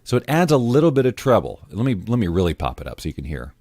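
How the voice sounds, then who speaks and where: Deep-voiced man, casual tutorial host. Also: big pitch swings, fast talker, a little mellow, no echo. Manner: casual, self-correcting, clears throat often. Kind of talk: screen-recorded software tutorial.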